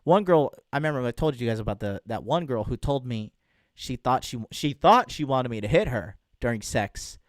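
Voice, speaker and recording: A man's voice: medium pitch, lively intonation, moderate pace, no echo, clean studio sound. A man hosting a casual livestream as a dating coach, talking bluntly and crudely to viewers and reading out chat.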